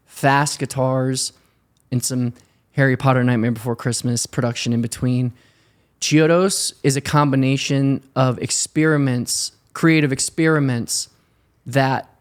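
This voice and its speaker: A man in a relaxed podcast interview, speaking as the guest musician. He reflects on his work in a laid-back, easy way. His voice sits at a middle pitch. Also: clear, resonant tone. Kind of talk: casual interview chat.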